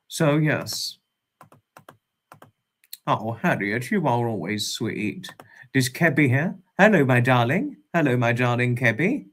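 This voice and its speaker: A man hosting a casual livestream, greeting viewers by name with fond, repeated hellos in a drawn-out way. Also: mid-range voice. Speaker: livestream host.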